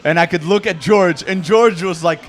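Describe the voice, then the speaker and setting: A man co-hosting a podcast in casual chat, talking haltingly with many fillers and restarts. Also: sits high. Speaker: podcast co-host.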